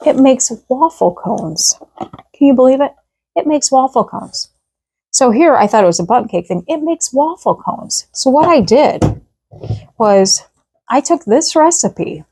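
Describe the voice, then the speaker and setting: Chatty home-kitchen vlogger, woman, mellow voice, upbeat and rambling. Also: sits high, animated, a little slow, husky. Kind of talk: casual kitchen demonstration.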